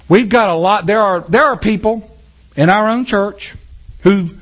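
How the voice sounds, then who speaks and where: Impassioned pastor preaching, lively and high. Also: male voice. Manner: impassioned, talks with the congregation. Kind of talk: sermon. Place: church.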